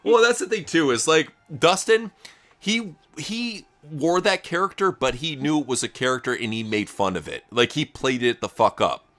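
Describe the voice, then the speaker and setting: A man's voice: fairly high pitch, lively intonation, moderate pace, a bit bright. A man co-hosting a casual live reaction chat, mocking and swearing freely. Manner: crude, mocking, profane. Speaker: host.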